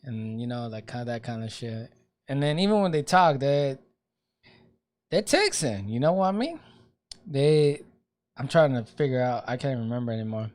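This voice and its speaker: A young man co-hosting a beer podcast, loud and joking, swearing freely and slipping into put-on voices. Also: mid-range voice, sing-song, normal speed, long pauses. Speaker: podcast co-host. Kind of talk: casual chat.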